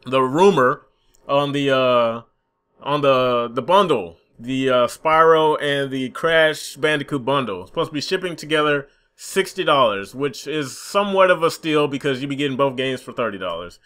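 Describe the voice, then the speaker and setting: A man's voice: mid-range voice, expressive, moderate pace, pushed and bright, smooth. A young man in a gaming commentary vlog, frustrated and profane, mocking the companies as he rants. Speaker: gaming YouTuber.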